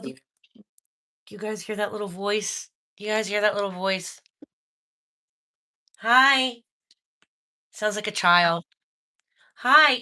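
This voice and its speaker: A woman hosting a live-stream spirit box session, excitable and talking straight to her viewers. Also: on the high side.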